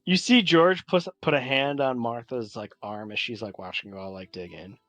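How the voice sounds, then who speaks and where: A man's voice: medium pitch, moderate pace, a bit bright, dry recording. A man narrating as game master, describing scenes in a meandering way with many filler words.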